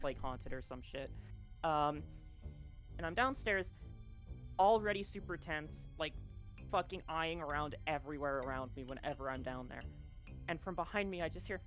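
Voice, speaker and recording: Woman co-host, halting storyteller, lowish voice, game music clear behind. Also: a bit bright. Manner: rambling, halting, many fillers and restarts. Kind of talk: casual storytelling chat.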